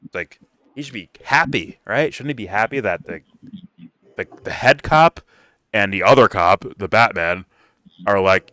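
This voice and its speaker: A man riffing through a casual reaction video, animated and full of swearing, often slipping into mocking imitations. His voice sits on the lower side but has a crisp, forceful edge. The sound is close and dry, with no room around it. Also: normal speed, pauses often, dry recording. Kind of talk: casual profane reaction commentary.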